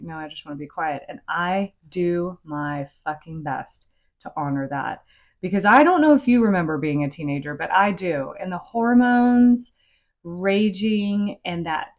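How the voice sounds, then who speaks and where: A middle-aged woman hosting a podcast, giving frank, conversational advice and sometimes swearing. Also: fairly low pitch. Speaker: podcast host. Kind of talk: casual advice talk.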